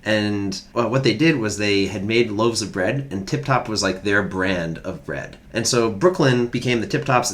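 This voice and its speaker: Low-voiced man telling trivia stories. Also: fairly bright tone. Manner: rambling, researched storytelling with fillers. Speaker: podcast co-host presenting trivia. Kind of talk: casual trivia chat.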